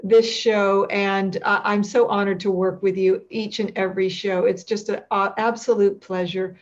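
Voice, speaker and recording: A woman's voice: medium pitch, level tone, moderate pace. Gushing woman host, slightly dull recording. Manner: effusive, gushing, stammering restarts. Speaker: talk show host. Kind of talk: interview hosting.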